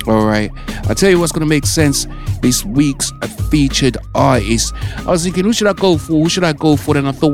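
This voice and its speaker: A man's voice: medium pitch, darkish tone. A man hosting a radio show, chatting casually and rambling, often repeating and correcting himself. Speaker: radio host.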